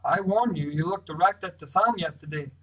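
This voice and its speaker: A man reading a novel aloud, voicing an older male castaway sailor in a firm, reassuring tone, a little louder than his narration. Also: a little high, fairly quick, close to an everyday voice, poor audio. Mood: steady.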